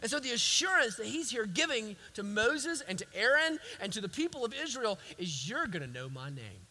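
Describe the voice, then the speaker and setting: A man's voice: extremely high pitch, lively intonation, fairly quick, sharp tone, big-room sound. A man preaching a sermon as a pastor, emphatic and repetitive.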